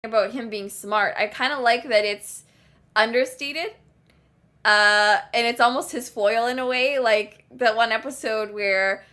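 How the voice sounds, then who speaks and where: A woman's voice: a little high, a little slow, pushed and bright. A young woman co-hosting a podcast, chatting casually and filling her talk with "like" as she retells scenes. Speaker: podcast co-host. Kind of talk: casual chat.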